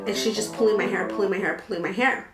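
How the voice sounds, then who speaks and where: A young woman tells a wild personal story straight to camera, animated and dramatic, swearing freely. Her voice sits in the middle of a woman's range. The room around her is echoey. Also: mid-range voice, quick pace, over music. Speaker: vlogger. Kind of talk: storytime vlog.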